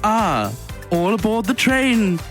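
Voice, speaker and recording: A man's voice: sits high, big pitch swings, slow, fairly bright tone, faint music behind, voice pushed up, heavily acted. A man voicing a cheerful train that calls out its stops in a bouncy, sing-song way during an improvised scene. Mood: chirpy.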